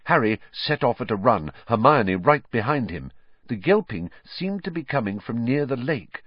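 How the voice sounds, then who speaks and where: A man reading a story aloud with slow, tense, expressive narration. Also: mid-range voice, slightly rough, dry recording, lo-fi sound. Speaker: audiobook reader.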